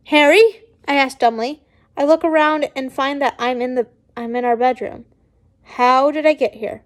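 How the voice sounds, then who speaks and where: Woman, high-pitched, casual fan fiction reading, frequent restarts, self-corrections. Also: steady tone, moderate pace.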